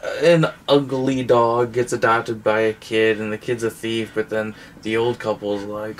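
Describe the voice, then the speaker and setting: A man co-hosting a casual chat, making quick wisecracks while going over movies. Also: on the low side, steady tone, slight background noise. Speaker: co-host.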